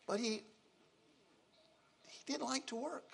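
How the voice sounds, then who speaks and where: An older man preaching a sermon, emotional, swinging from loud exclaiming to soft, quiet lines. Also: extremely high pitch, slow, gravelly, slight background noise. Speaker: pastor.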